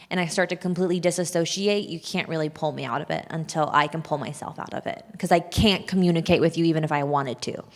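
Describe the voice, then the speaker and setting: A woman sharing a personal testimony with an audience, talking openly and confessionally, sounding shaky and nervous. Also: lowish voice. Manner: open, confessional, breaks into nervous laughs. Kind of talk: candid personal talk to an audience. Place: large hall at a church event. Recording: long hall reverb.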